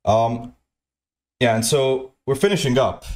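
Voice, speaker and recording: A man tells a story to his stream chat in a rambling, unpolished way. He stammers and restarts sentences and swears constantly. His voice sits at an ordinary middle pitch. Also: measured pace, darkish tone. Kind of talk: casual profane storytelling commentary.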